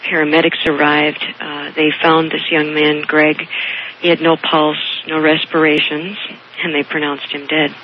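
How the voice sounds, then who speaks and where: A county coroner earnestly retelling a case in an interview, measured and careful, with small restarts. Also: mid-range voice, little pitch movement, highs cut off, a little hiss or hum. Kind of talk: storytelling in an interview.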